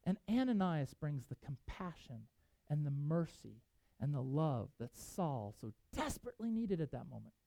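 A pastor preaching a sermon, telling a Bible story with animated delivery and reading scripture aloud. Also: mid-range voice, moderate pace, creaky, dry recording, rough recording.

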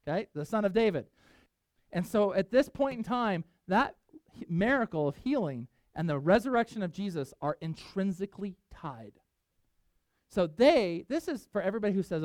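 Animated, high-voiced male preacher. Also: normal speed, no echo. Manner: emphatic, animated, conversational preaching. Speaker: pastor. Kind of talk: sermon.

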